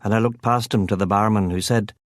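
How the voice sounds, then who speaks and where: A man's voice: on the low side, fairly even intonation, fairly quick, no room sound. A man narrating a first-person crime novel as an audiobook, with a wry, sardonic delivery on a close studio mic.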